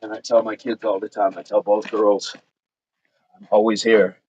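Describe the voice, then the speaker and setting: Lower-voiced man chatting through a workout. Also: little pitch movement, moderate pace, darkish tone, husky. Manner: reads viewer comments aloud and counts reps between chatty remarks. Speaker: fitness livestream host. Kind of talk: casual livestream chat while exercising. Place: outdoors in the countryside. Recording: dull lo-fi sound with faint noise.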